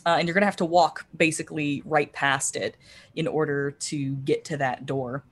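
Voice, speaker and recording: A woman with a low voice runs a tabletop game as game master. She describes the scene piece by piece, pausing often with ums and uhs. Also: fairly even intonation.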